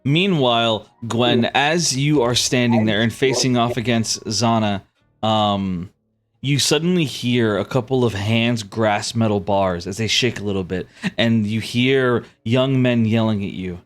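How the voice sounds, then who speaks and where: A man narrating a tabletop game as game master in a relaxed, chatty manner. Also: mid-range voice, unhurried. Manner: relaxed, chatty, many fillers.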